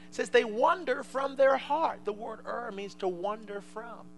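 A male preacher delivering a fervent sermon to a congregation, swinging from quiet asides to loud shouts. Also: extremely high pitch, steady tone, normal speed, hardly any pauses, slight background noise, poor audio.

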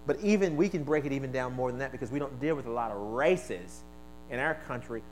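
A male pastor preaching a sermon, leading call-and-response and swinging from quiet asides to shouted exclamations, originally from the American East Coast. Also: medium pitch, a little fast, a little hiss or hum, poor audio.

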